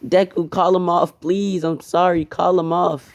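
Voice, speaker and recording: A man voicing a boy fighter, raising his voice high and loud as he pleads. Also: little pitch movement, a little slow. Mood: panicked.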